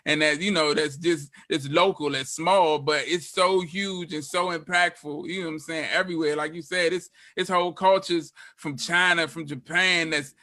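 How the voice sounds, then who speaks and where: A man hosting a podcast in a relaxed, agreeable chat, often answering "right, right". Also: a little high, normal speed, few pauses, no echo, clean studio sound. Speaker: podcast host. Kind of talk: casual podcast conversation.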